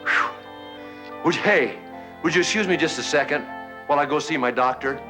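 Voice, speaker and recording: A man's voice: on the high side, a little fast, music in the background. A man hosting a variety show, out of breath after dancing and joking theatrically with the audience. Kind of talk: song and comedy sketch.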